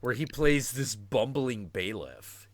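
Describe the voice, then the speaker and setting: A man's voice: medium pitch, big pitch swings, takes it slowly, no room sound. A man in his forties hosting a stream in casual chat, talking animatedly and profanely and acting out quotes. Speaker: stream host.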